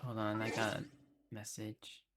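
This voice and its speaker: A woman streamer commenting casually as she plays a game. She sounds playful and a bit halting, with plenty of fillers, while faint game music plays under her voice. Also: rumbling low, completely flat delivery. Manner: playful, hesitant, full of fillers.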